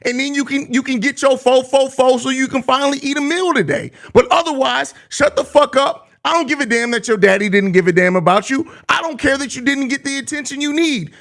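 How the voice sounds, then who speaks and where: A young man with a high-pitched voice hosts a live postgame stream in loose, casual chat. He laughs easily but turns profane and repetitive when he roasts someone. His delivery is blunt and heated. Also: a bit bright. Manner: profane, heated trash talk at a chatter; repeats himself, laughs often. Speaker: host of a live postgame show.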